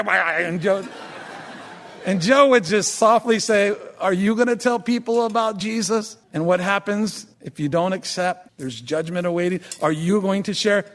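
A pastor giving a funeral eulogy, telling stories in an animated, chatty way full of "you know". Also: male voice, high-pitched.

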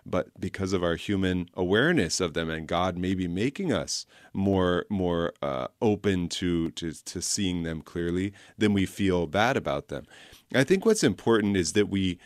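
Man, priest, radio call-in host, raspy, gentle and reassuring, low voice. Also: dry recording, clean studio sound. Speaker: priest guest-hosting a call-in radio show.

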